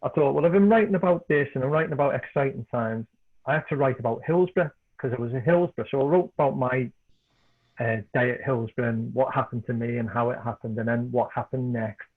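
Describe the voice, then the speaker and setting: A middle-aged man from Liverpool with a Scouse accent, a podcast guest and author telling animated anecdotes in casual chat. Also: medium pitch, quick pace. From Liverpool, England. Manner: animated anecdotes, repeats words when excited. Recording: tinny phone-like call line.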